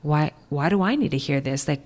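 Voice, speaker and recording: A woman in her thirties from Hawaii, telling her story as a guest, animated and full of "like". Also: a little fast. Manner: animated, acts out quoted voices with high jumps; many fillers of "like". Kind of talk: casual storytelling interview.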